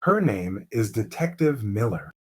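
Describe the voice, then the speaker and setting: A man narrating a mystery story slowly and clearly as host of a lesson for English learners. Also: fairly low pitch. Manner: calm, clear, deliberate.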